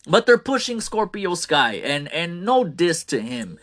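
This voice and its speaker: A man's voice: a little high, very animated, unhurried, a bit bright. A man hosting a casual wrestling commentary show, ranting with fired-up opinions and trailing off on the ends of phrases.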